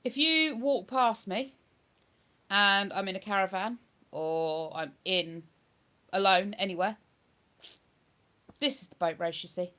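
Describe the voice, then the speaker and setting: A woman's voice: mid-range voice, takes it slowly, pauses often, pushed and bright. A woman chatting on a live stream, reading viewer comments aloud and answering them. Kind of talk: casual live-stream chat.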